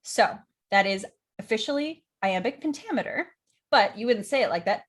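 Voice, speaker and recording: A woman's voice: mid-range voice, lively intonation, normal speed. A young adult woman, an acting teacher and director, chatting enthusiastically about favorite lines and acting them out. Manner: enthusiastic, acts out quotes, nerdy about verse. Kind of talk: casual educational vlog.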